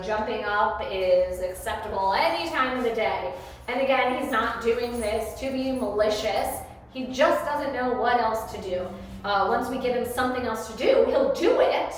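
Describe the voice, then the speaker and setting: A woman training a dog, talking through the lesson in a chatty, coaxing way, her voice getting a little hoarse. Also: on the high side, slight background noise. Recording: very echoey room.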